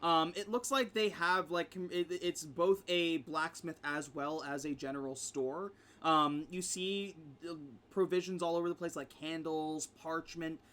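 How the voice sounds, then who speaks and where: A man's voice: on the high side, steady tone, a little slow, hardly any pauses, fairly bright tone. A man narrating as game master in a casual tabletop game, talking loosely with many fillers.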